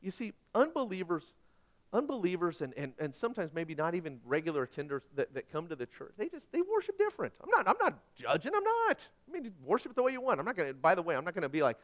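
A middle-aged man preaching a sermon as pastor, animated and self-deprecating, swinging between loud asides and hushed points. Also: sits high, fast talker.

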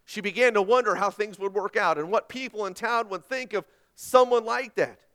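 Male preacher, fairly high smooth voice, dramatic storyteller moving from loud to hushed. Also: normal speed. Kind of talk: sermon.

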